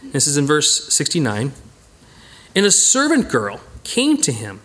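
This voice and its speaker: A man leads a casual Bible study. His fairly high voice swoops up and down as he acts out the people in the story. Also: a little slow. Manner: animated, acts out voices of the characters.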